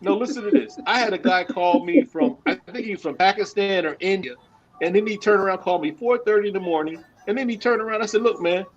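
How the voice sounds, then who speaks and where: Animated higher-voiced man telling stories. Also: quick pace, highs cut off. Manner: animated storyteller, repeats himself, laughs often. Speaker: podcast host. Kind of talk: casual banter among veterans.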